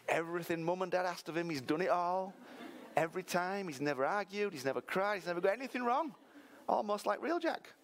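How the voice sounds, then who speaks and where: A man preaching a sermon, telling a story lively while directing a volunteer. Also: high voice, brisk. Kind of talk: sermon with live re-enactment.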